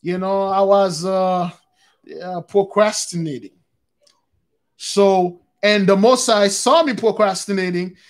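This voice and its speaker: A man's voice: sits high, steady tone, slow. A man giving a casual spoken testimony on his religious channel, rambling with many restarts and calling listeners brothers and sisters. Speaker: religious YouTube channel host.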